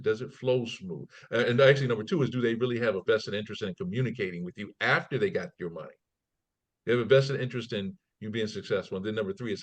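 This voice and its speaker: Guy on a podcast, chatty, does little voices for people in his stories. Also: on the low side. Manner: animated storyteller, acts out quotes in raised voices; repeats and restarts words, folksy asides. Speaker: guest, trading company CEO. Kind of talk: conversational interview.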